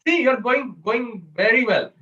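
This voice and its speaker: A man's voice: extremely high pitch, animated, a little slow, pushed and bright. A man leading an online public speaking workshop, coaching and quizzing the audience over a video call. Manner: coaching, asks audience questions. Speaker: workshop presenter. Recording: distant, dull video-call audio.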